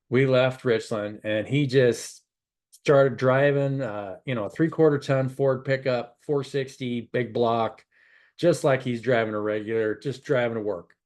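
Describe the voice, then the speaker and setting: A middle-aged man, a spiritual advisor, telling a rambling, animated story and giving casual advice. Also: medium pitch.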